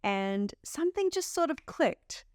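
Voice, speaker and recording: A woman's voice: high voice, very animated, a little slow, a little mellow, no room sound, studio quality. A middle-aged woman with an Australian accent, an actress chatting casually in an interview, telling stories with playful quoted asides.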